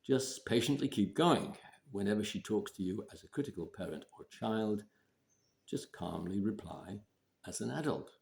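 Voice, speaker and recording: A man giving relationship advice in a measured way, often clearing his throat and repeating points for emphasis. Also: lowish voice, animated, a little mellow. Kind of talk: advice talk to camera.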